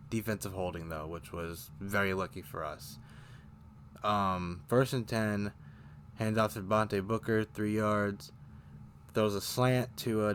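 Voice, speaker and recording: A man with a slightly low voice talks through a football game play by play, casual and rambling, often stopping to correct himself. He gets worked up and frustrated over the bad calls. A faint hiss sits under the recording. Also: a bit bright. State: choking up, briefly coughing. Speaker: fan show host. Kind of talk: casual sports recap.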